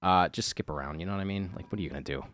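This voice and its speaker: A man's voice: sits low, rapid-fire, fairly bright tone, no echo. Rambling, chuckling man, dry close sound. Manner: rambling, self-mocking, laughs often, swears casually. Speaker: video host. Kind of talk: rambling casual chat while drawing.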